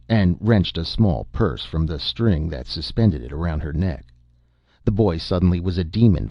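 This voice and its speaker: A man narrating an audiobook in a measured, even reading. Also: low voice, gravelly, dry recording. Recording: dull lo-fi dry recording.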